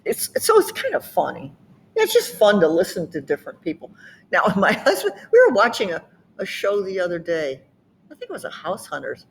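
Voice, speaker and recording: Lively laughing Southern woman chatting. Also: medium pitch, a little fast. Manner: laughing, animated storytelling. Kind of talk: casual chat.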